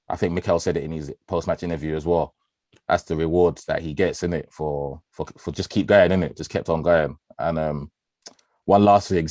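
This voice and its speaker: A man, chatting about football as podcast co-host, animated and slangy, swearing freely and laughing often. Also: deep voice, dry recording, clean studio sound. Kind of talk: casual football chat.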